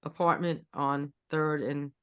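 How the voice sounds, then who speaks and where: A woman in her sixties co-hosting a casual chat, telling stories in a lively way and often repeating words. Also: sits low, takes it slowly, smooth, lo-fi sound. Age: 60s. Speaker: co-host.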